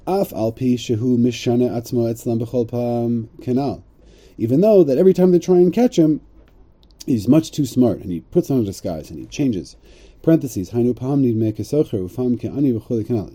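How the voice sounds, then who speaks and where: His medium-pitched voice is mellow, animated and brisk as he reads Hebrew lines from a religious story. He translates and explains them in casual English, tossing in jokey asides.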